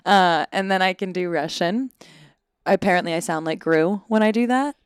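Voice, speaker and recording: A woman's voice: on the low side, normal speed, clean tone, no echo, studio quality. A woman in her twenties, an actor, chatting casually and self-deprecatingly in an interview, full of "like". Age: 20s. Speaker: actor guest. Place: Los Angeles.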